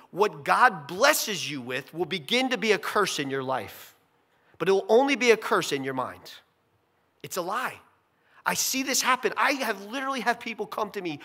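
A male pastor preaching a sermon in an animated, conversational way with jokey asides. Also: sits high.

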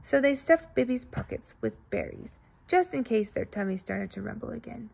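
Woman, children's story reader, playful, expressive, husky, gravelly. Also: fairly high pitch, moderate pace.

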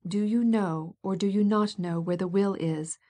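A scheming older prince, impatient and insistent, pressing his point with smooth coaxing, as a woman narrator reads him. The voice stays mellow and warm. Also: medium pitch, steady tone, normal speed, lightly acted.

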